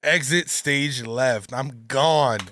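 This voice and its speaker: A man's voice: mid-range voice, slow, a bit bright, a little hiss or hum. A man hosting a reaction video, laid-back and casual, laughing often between his comments. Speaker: reaction channel host.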